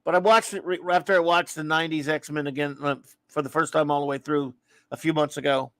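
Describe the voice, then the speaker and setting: A man from Louisiana chats live about comics in a high, easygoing voice. He rambles from one opinion to the next and greets viewers warmly. The sound is dry and close, with no room around it. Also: steady tone, fairly quick, dry recording. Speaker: livestream comics talk host. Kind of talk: casual live-stream chat reading viewer comments.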